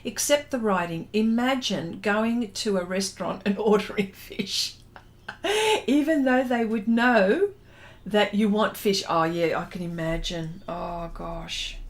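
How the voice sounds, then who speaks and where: Reading viewer comments aloud during her livestream, a middle-aged Australian artist chats casually, giggling and hesitating with frequent ums. She speaks at a medium pitch and a little slowly.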